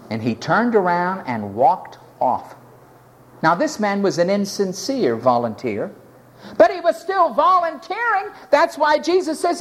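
Animated male preacher with a lively pitch. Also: unhurried. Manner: animated, dramatic, acts out scenes. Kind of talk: sermon.

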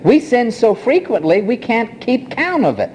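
A man preaching a sermon, slow and emphatic, with dramatic pauses and rising, swelling phrases. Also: extremely high pitch, big pitch swings, darkish tone, slight background noise, low-quality recording.

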